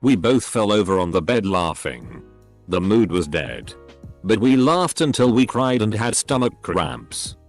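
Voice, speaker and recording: A man reading online posts aloud as a scripted narration, his low voice moving through a lively, animated pitch range. He spells out censored words letter by letter. Faint music plays beneath him. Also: a little slow. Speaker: story narrator.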